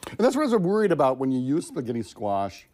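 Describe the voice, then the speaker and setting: An older man in his sixties explains a dish on a TV cooking segment. He stumbles often, repeating words and filling gaps. His voice is dark and mellow. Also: mid-range voice, huge pitch swings. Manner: halting, repeats words, many fillers. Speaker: guest chef. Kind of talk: casual cooking demo chat.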